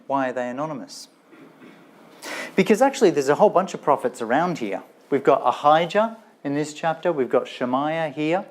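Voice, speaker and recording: Male lecturer, lively storyteller asking the audience questions. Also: a little high. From Australia. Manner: animated storytelling with rhetorical questions and playful asides. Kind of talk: Bible lecture.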